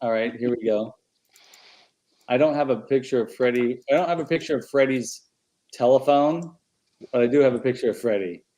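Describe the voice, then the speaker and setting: Casting: male podcast co-host, mid-pitched, casual and lively, keeps the chat moving. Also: moderate pace, pauses often. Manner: animated, reads out chat comments.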